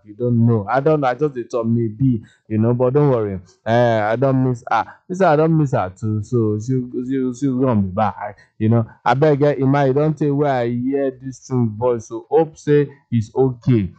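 A man with a Nigerian Pidgin accent hosting a radio phone-in show, lively and jokey as he reads listener messages aloud. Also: medium pitch, normal speed, hardly any pauses. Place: radio studio. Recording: dull lo-fi radio broadcast.

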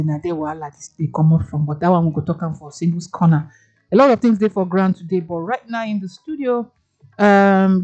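A woman's voice: lowish voice, dark tone, muffled recording. A woman from Nigeria with a Nigerian accent, hosting a radio show and chatting playfully in Pidgin. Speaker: radio host. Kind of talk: casual radio chat in Pidgin.

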